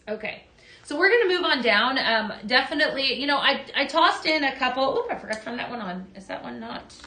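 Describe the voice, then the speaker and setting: A woman hosts a live selling show in a chatty, upbeat way, greeting viewers as she demos products. Her voice is bright and forward, and the room around her rings with echo. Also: fairly high pitch, slight background noise. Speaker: host of a live shopping show. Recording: echoey room.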